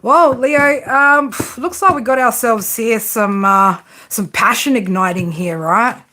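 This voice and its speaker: A woman's voice: a little high, measured pace, sharp tone. A woman giving a casual live tarot reading, chatting and joking with viewers and swearing freely. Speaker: tarot reader.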